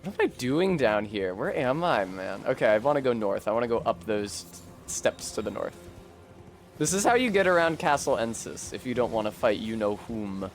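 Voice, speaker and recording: Sarcastic New England streamer. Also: male voice, medium pitch, big pitch swings, moderate pace, soft background music. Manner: sarcastic and joking, swearing, bursts into shouts when frustrated. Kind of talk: casual gameplay commentary.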